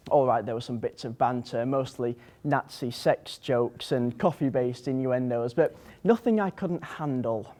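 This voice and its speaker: An actor playing a sardonic rescue dog. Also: male voice, medium pitch, natural voice. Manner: dry, deadpan, sardonic storytelling. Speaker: monologue performer. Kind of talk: theatrical comic monologue.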